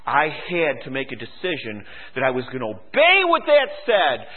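Animated preacher with a phone-thin sound. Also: male voice, on the high side, moderate pace, hardly any pauses, husky. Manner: dramatic, acts out voices, swings from shouting to hushed. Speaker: pastor. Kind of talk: sermon. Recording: phone-like radio broadcast.

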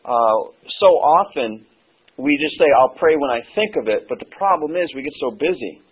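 A hoarse man preaching a sermon as pastor, earnest and halting, with many "uh" pauses. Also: fairly high pitch, lively intonation. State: hoarse, losing his voice. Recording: tinny phone-like sermon recording.

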